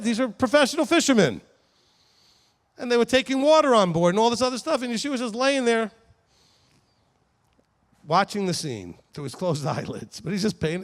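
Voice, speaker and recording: A man's voice: high voice, gravelly. A man giving a conversational Bible teaching to a congregation, asking the audience questions as he goes. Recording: long hall reverb.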